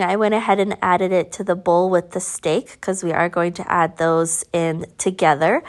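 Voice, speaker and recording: A woman with a Southern American country twang narrates a home recipe in a relaxed, friendly voice-over at a mid-range pitch. She talks plainly and warmly to her viewers and pokes a little fun at herself. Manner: relaxed, friendly, a bit self-deprecating. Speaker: cooking vlogger.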